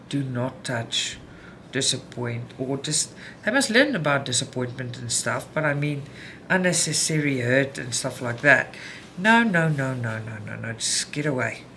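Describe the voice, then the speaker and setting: A woman's voice: a bass voice, unhurried, fairly bright tone. A South African woman chatting candidly to viewers at home while she stitches, venting and talking things through. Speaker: cross-stitch vlogger. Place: home room. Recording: home recording with background noise.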